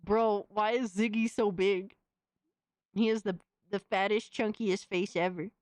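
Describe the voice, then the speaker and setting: A woman's voice: mid-range voice, steady tone, a little slow, a little mellow, dry recording, studio quality. A young woman streamer reacting casually to fan images, slangy and exclamatory, often laughing.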